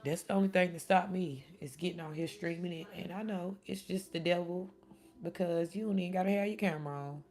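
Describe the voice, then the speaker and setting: A woman's voice: fairly low pitch, a little fast, a little mellow. A middle-aged woman streaming live, chatting casually and answering commenters by name. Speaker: live streamer reading chat. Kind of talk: casual chat.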